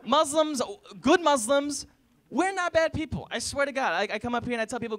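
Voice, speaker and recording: This young stand-up, in his twenties, has a very high-pitched, animated voice that is fairly bright and a little fast. Performing for a laughing college audience, he tells stories and acts out family and strangers.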